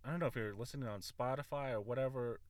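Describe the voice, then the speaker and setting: A man's voice: medium pitch, fast talker, no room sound. A young man hosting a solo podcast, rambling and self-mocking, swearing often into a close mic. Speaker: podcast host.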